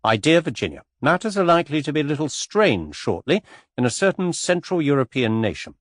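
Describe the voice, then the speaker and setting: Brief: man playing pompous indignant English gent, audiobook, husky and loud. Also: very animated, fairly quick, no room sound, studio quality. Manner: formal, indignant, booming. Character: pompous, stuffy middle-aged English gentleman.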